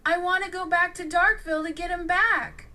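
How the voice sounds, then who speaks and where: A woman's voice: very high-pitched, fairly even intonation, moderate pace, pushed and bright, far from the mic, pitched above the performer's own voice. A woman voicing a heartbroken teenage girl. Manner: tearful and pleading.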